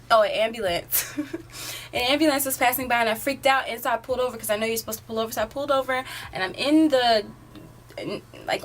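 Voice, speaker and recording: A woman's voice: medium pitch, a little hiss or hum. Rambling teenage girl telling a story. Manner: rambling, filler-heavy, often says "like". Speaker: vlogger. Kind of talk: casual storytime.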